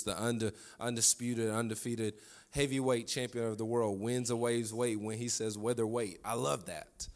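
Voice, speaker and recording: A man's voice: mid-range voice, a little mellow. A man preaching a sermon, repeating his lines for emphasis and calling on the congregation to answer back. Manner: fervent call-and-response preaching, repeats phrases.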